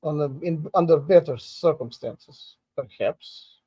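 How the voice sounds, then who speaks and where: A man playing a tabletop role-play character, talking in a halting, hesitant way and often searching for words. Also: a little high, mellow, slightly rough, rough recording.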